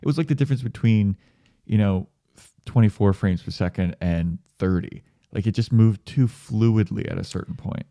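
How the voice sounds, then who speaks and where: A laid-back man co-hosting a casual movie podcast, drily sarcastic and quick to swear. His voice is low and mellow. The sound is close and dry. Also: no echo. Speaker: podcast co-host. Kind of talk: casual film review chat.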